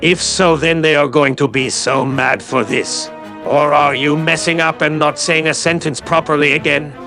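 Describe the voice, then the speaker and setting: A man's voice: fairly high pitch, steady tone, normal speed, over music. A man giving a sarcastic, condescending callout commentary as a YouTube commentator.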